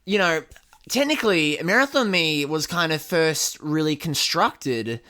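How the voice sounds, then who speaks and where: A man's voice: on the high side, lively intonation, unhurried, sharp tone, clear, resonant tone. A man co-hosting a podcast, rambling in casual chat with lots of filler words and restarts. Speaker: podcast co-host.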